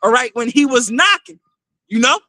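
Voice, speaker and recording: A male street preacher giving a fiery sermon, shouting scripture lines and saying "all right" after nearly every phrase. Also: extremely high pitch, animated, normal speed.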